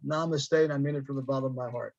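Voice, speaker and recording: A man's voice: medium pitch, steady tone, quick pace, creaky, darkish tone, dry recording. Preachy man with dull dry sound. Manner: preachy, emphatic, uses metaphors. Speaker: veteran group member. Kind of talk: motivational remarks on a group call.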